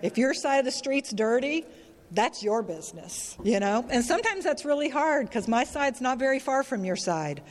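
A woman's voice: high voice, very animated, moderate pace. Frank, emotional woman sharing in a hall. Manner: frank and emotional, swears freely, many "you know?". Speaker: speaker sharing at a recovery meeting. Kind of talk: candid personal share, casual and profane. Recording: long hall reverb.

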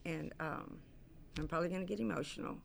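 A woman's voice: fairly low pitch, fast, vocal fry, noisy background. A middle-aged woman speaking to a recovery convention, sharing her story candidly. She rambles with many fillers and restarts and swears casually. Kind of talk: personal share to an audience. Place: convention stage.

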